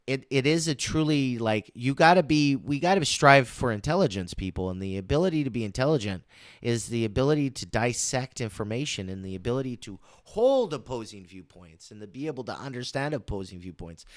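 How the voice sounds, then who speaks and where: A man's voice: mid-range voice, no echo, studio quality. A man hosting a casual political commentary show, rambling and emphatic, often restarting and repeating his words.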